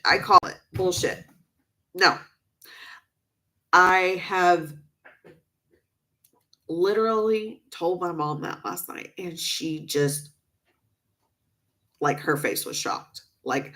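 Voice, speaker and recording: Vlogger woman, lowish voice, upset, emphatic repetition, venting to camera. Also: lively intonation, measured pace, fairly bright tone. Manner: emphatic, repeats herself for stress.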